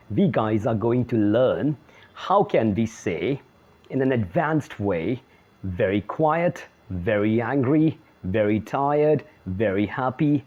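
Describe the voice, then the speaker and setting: A man teaching vocabulary in a video lesson, emphatic and repeating key words slowly. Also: medium pitch, darkish tone, dull audio. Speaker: English teacher.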